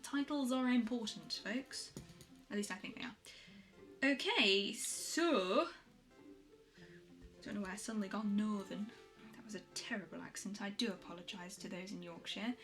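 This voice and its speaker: A woman vlogging a poetry challenge, chatting in a self-deprecating way and reading her poems aloud slowly and softly. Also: mid-range voice, faint music behind. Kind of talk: casual chat and poetry reading.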